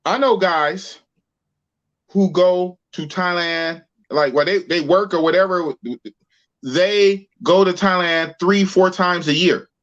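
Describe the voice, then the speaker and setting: A man's voice: sits high, steady tone, takes it slowly, a bit bright, lo-fi sound. A man from Oakland, California, hosting a podcast in slangy, playful casual chat. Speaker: podcast host.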